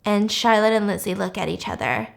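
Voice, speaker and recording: Casual woman vlogger, expressive storyteller, salty language. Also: medium pitch, a little fast, creaky. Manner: expressive, chatty, swears freely.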